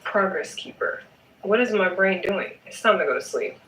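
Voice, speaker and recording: A woman's voice: mid-range voice, expressive, moderate pace, fairly bright tone, echoey room, distant mic, a little hiss or hum, rough recording. A woman chatting casually in a knitting vlog, playful and emphatic, often adding a teasing "okay?". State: sleepy at night. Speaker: knitting vlogger.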